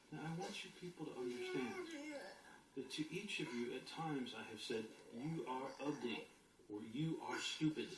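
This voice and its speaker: Animated, emphatic spiritual teacher in a roomy space. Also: medium pitch, noisy background. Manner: emphatic, animated, acts out inner voices with sudden shouts. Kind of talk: motivational talk to an audience. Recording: roomy echo with faint ambience.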